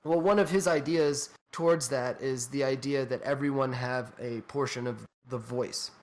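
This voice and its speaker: A man's voice: mid-range voice, normal speed. A man from New Mexico co-hosting a podcast in casual, profane chat, laughing often. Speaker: podcast co-host.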